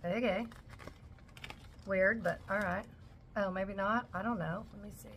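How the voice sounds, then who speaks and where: A woman's voice: medium pitch, fairly even intonation, a little slow, a bit bright, a little hiss or hum. A woman in her forties chatting casually at home as she unboxes a shopping haul, gushing over each item. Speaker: vlogger.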